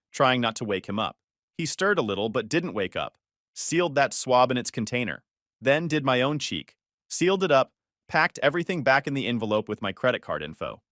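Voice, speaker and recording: A man's voice: mid-range voice, a bit bright, dry recording, studio quality. A man narrating a first-person story in a confessional, tense tone.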